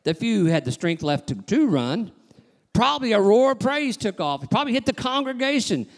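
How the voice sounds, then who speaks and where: A man's voice: high-pitched, sing-song, a little fast. A male pastor preaching a sermon to his congregation, emphatic and rhythmic, with frequent call-outs to the crowd. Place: church sanctuary. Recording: long reverb of a large church hall.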